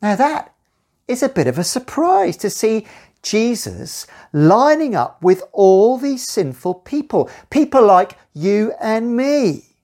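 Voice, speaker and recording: A woman leads a children's Bible talk, her voice rising and falling in wide, lively swings. She takes her time and speaks slowly and deliberately. Her delivery is animated and expressive, always aimed at the children. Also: a little high. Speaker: children's talk leader at church.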